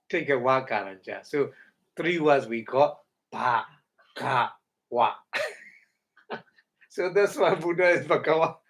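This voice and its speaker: A man giving a Dhamma talk in halting English, breaking Pali words into syllables, often chuckling and asking if listeners follow. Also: mid-range voice, lively intonation, a bit bright. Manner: halting non-native English, chuckles often, checks understanding. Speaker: meditation teacher.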